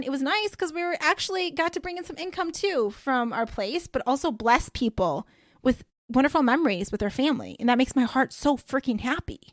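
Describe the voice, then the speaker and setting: A woman's voice: a little high, fairly bright tone, dry recording, clean studio sound. Bubbly woman, gushing podcast host. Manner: bubbly and gushing, with lots of fillers like "like" and "you know". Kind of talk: casual solo podcast chat.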